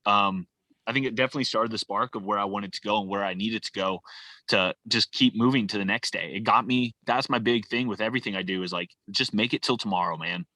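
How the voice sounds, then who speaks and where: A man from California, a guest on a podcast, talks in a loose, heartfelt way, peppering his sentences with "like" and "man." His voice sits a little low but rings bright and forceful. The sound is dry and close, with no room around it. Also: fast talker, dry recording. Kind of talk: casual conversation.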